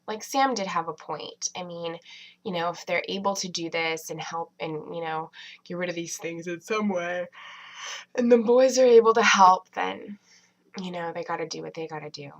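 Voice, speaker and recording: A woman's voice: fairly low pitch, rough recording. A woman reviewing a TV episode in a casual, rambling way, full of fillers and restarts. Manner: chatty, many fillers and restarts.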